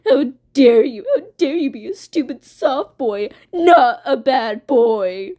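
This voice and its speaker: A petty, crybaby male moon being, played by a woman in a fairly high voice, spits loud, scornful insults. He sulks and snaps in an unhurried, drawn-out way. A fan's storytelling voice, not a polished performance. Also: expressive, heavily acted. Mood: angry.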